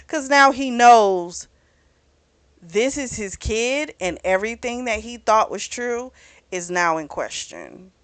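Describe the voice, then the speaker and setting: A woman's voice: mid-range voice, animated, takes it slowly, no room sound. A woman host casually recapping a novel for a book club, talking in a chatty way and filling her retelling with "you know" and "he's like.".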